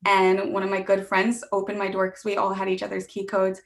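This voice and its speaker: A young woman guest in a casual chat, self-deprecating and quick to laugh, dramatic when telling stories. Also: medium pitch, completely flat delivery, vocal fry.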